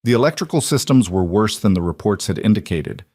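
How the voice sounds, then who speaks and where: A man with a low voice narrates a scripted story. He reads at a steady, measured pace, and the sound is close and dry with no room around it. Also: no echo.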